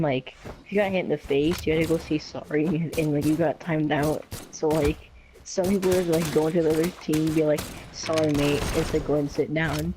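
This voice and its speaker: Rambling man telling a story, noisy recording. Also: on the high side. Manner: rambling, filler-heavy with lots of "like" and "um". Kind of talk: casual personal storytelling.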